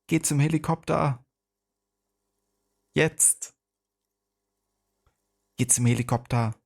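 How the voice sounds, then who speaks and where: A man putting on a gruff action-film strongman voice, barking short commands. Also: on the high side, takes it slowly, darkish tone, pitched above the performer's own voice, exaggerated voice.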